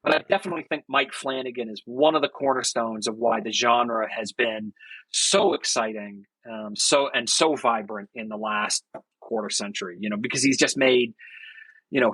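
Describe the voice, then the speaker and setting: A man who writes horror talks as a podcast guest, enthusiastic and thoughtful, often restarting his sentences. His voice is bright with a husky edge, recorded dry and close. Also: medium pitch, normal speed, no room sound, low-quality recording. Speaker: author and guest. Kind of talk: casual interview chat.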